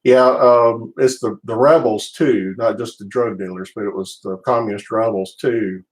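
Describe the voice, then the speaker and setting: A man's voice: on the low side, steady tone, normal speed, poor audio. A middle-aged man with a Southern US accent, rambling casually as he hosts a live stream from his home office. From United States. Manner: rambling, restarts often, laid-back.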